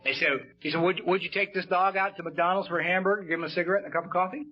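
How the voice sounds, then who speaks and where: A man's voice: sits high, steady tone, rapid-fire, faint music behind. A man speaking at a recovery meeting, telling stories in a folksy way with casual swearing and plenty of "you know" and "man". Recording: dull lo-fi tape.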